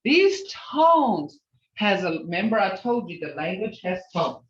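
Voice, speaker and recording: Slow, patient woman teaching on a video call. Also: medium pitch, very animated. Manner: slow, patient, repeats each word and drills it. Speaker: language teacher. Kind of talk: online language class. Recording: roomy, distant, dull video call audio.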